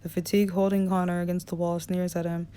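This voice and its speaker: A woman narrating an audiobook in a relaxed reading style, with small slips and restarts. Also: on the low side, fast talker, smooth. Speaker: audiobook reader.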